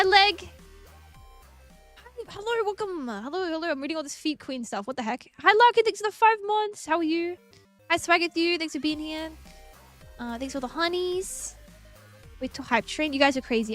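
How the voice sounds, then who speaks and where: Bubbly high-voiced woman streamer. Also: a bit bright. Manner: bubbly, giggly, greets chat members one by one. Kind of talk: casual live-stream chat.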